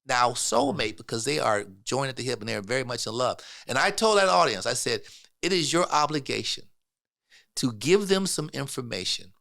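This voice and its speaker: A man, a podcast guest, telling a personal story in casual talk, getting emotional and quoting others in a soft low voice. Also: very animated, normal speed, gravelly.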